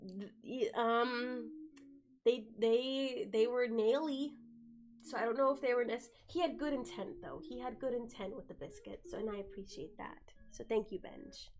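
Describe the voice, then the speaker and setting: Against a noisy background, a twenty-something woman on the mend from the flu chats on a live stream, coughing occasionally. She rambles with lots of fillers and talks to her cat, her voice on the high side at a moderate pace.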